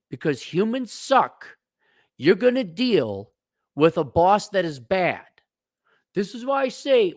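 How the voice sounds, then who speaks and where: Blunt sarcastic man with a higher voice. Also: dry recording, clean studio sound. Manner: blunt, sarcastic, stop-start delivery. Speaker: host. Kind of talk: casual advice rant.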